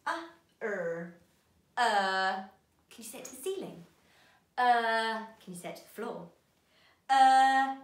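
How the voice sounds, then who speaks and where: A woman teaching a children's phonics lesson, animated and encouraging, stretching out sounds slowly. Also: on the high side, reverberant.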